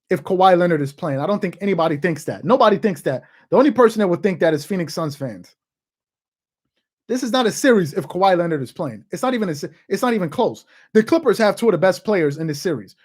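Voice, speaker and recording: Someone in their thirties hosts a sports channel, delivering emphatic opinion commentary and hammering points home by repeating them. The voice is medium in pitch, animated and fast, with a darkish tone.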